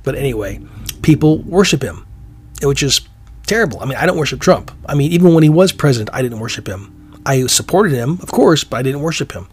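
A man's voice: medium pitch, expressive, brisk, husky. Man rambling through an opinion monologue. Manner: rambling, many restarts and fillers. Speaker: commentary podcast host.

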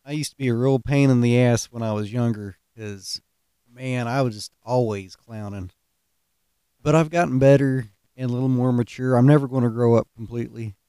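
A man's voice: medium pitch, steady tone, normal speed, warm tone, clear, resonant tone, no room sound, clean studio sound. A middle-aged man, telling stories in a folksy, self-mocking way and laughing at his own pranks. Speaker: podcast host. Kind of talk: casual storytelling monologue.

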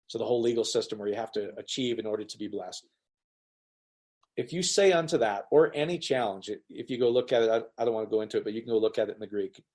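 A man teaching the Bible in a casual online session, talking loosely and acting out the quoted voices of others as he reads. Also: medium pitch. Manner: animated, acts out quoted voices. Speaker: pastor.

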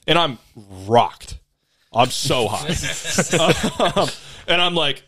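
A man's voice: mid-range voice, animated, slow, fairly bright tone, no echo. A young man and podcast co-host telling a story in casual chat, laid-back, profane and rambling.

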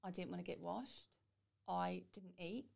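A woman's voice: lowish voice, a little slow, gravelly, darkish tone. A woman guest telling her own story in a chatty, candid way. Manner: chatty, quotes people in little voices.

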